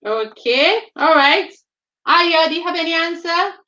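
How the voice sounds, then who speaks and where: A woman hosting a children's reading show over a video call, briskly questioning and coaxing the young readers like a teacher. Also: extremely high pitch, expressive, bright, forceful tone, roomy sound, dull audio. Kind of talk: casual chat quizzing children.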